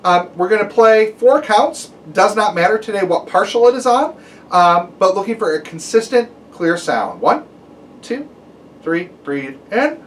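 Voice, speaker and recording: A man leads a brass practice lesson, counting beats and talking students through each step. His pitch moves a lot from phrase to phrase. He sounds a little distant from the mic, with a faint hiss underneath. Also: normal speed. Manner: counts aloud, gives calm step-by-step instructions with fillers. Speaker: brass teacher.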